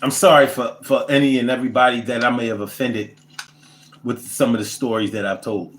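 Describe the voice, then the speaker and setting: A man, telling comic stories and reading viewer comments in a profane, animated, rambling way. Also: mid-range voice, a little fast, echoey room, slight background noise. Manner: animated, profane, rants with repetition. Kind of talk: casual comedic storytelling.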